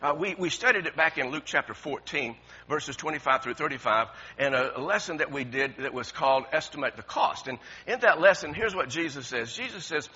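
A man preaches a sermon with a high, bright, somewhat husky voice that swings widely in pitch. He chuckles often and stumbles over repeated words as he talks. The recording sounds dull and lo-fi. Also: lively intonation, fairly quick, hardly any pauses.

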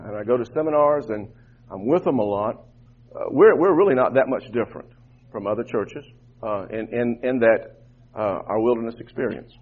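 Slightly rough and mid-range, a man's voice carries a fervent sermon to the congregation he pastors, with repetition driving his points forward. The sound is muffled and tinny, as if over a phone line.

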